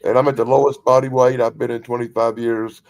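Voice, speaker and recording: A man's voice: mid-range voice, little pitch movement, fairly quick. A man in casual group video chat, talking in a rambling, folksy way with frequent restarts. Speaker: community chat participant.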